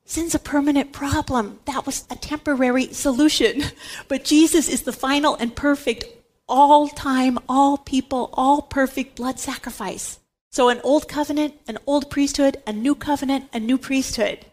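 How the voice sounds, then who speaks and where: A woman's voice: sits high, steady tone, normal speed, a little mellow. A woman giving a Catholic Bible teaching talk, emphatic and repeating words for stress.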